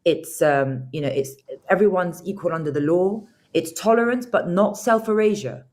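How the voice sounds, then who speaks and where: A woman's voice: fairly low pitch, moderate pace, a little mellow. A woman, a senior prosecutor from Britain, speaking as a guest in a political interview over a video call, emphatic and repeating phrases as she builds her points.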